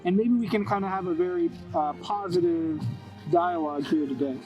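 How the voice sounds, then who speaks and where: A man runs a deadpan mock interview, earnest and halting as he rambles through fillers. His voice is high for a man. Soft music sits underneath. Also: dull audio.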